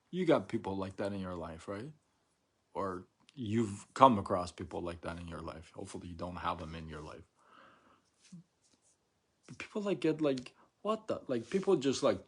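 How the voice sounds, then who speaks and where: A middle-aged man speaks to his viewers in a relaxed live-stream chat. His voice sits on the low side and his delivery is slow and unhurried. He repeats phrases, keeps asking "right?", and acts out little mock quotes. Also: husky. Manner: chatty, repetitive, asks "right?" often, acts out mock quotes. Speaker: vlogger.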